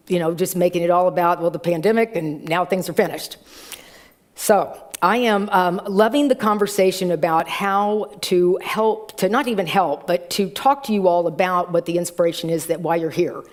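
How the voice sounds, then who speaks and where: A woman's voice: lowish voice, darkish tone. A middle-aged woman minister giving a chatty sermon in a church, telling stories with playful voices. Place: church sanctuary.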